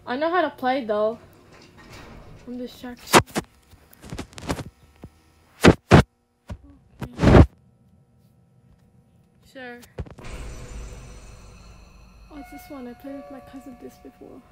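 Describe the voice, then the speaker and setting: A young woman chats excitedly while she plays a game, her voice sitting high. She swears freely and drops to a whisper when she gets scared. Steady hiss and noise run under her mic. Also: takes it slowly, long pauses. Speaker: gamer. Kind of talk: casual gameplay commentary.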